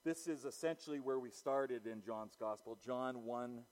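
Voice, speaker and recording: A man's voice: medium pitch, moderate pace, a little mellow, long reverb tail, low-quality recording. A man preaching a sermon as pastor to his church, emphatic, swelling and falling back, often repeating words.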